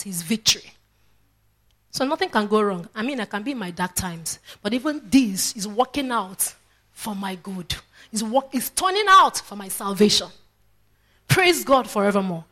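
A woman's voice: medium pitch, expressive, normal speed, fairly bright tone. A woman preacher, delivering a sermon with fervent praise exclamations and questions to the congregation.

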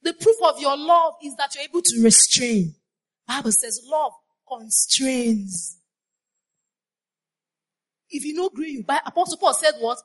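A woman's voice: sits high, lively intonation, unhurried, pauses often. A woman preaching a sermon, repeating her phrases and putting questions to the congregation. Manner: call-and-response, asks the congregation questions.

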